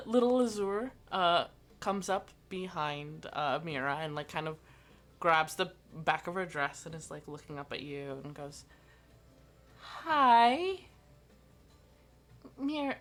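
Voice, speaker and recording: Woman game master, low-pitched, slow descriptive narration for a tabletop game. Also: pushed and bright.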